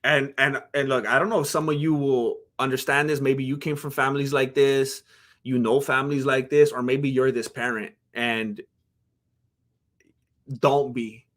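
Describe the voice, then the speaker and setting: A man hosting a livestream, chatting casually and reacting to chat in an animated, rambling way. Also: medium pitch, normal speed. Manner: animated, rambling, jumps into voices. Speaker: livestream host.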